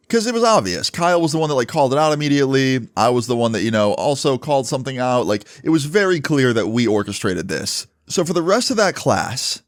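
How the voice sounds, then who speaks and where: A man's voice: mid-range voice, no echo, studio quality. A young man casually telling a storytime tale in a loose, chatty way, full of fillers and acted-out quotes.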